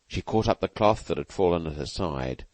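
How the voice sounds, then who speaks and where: A man narrating a classic novel as an audiobook in a measured, earnest reading. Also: low-pitched, animated, a little mellow, no room sound. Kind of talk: scripted narration.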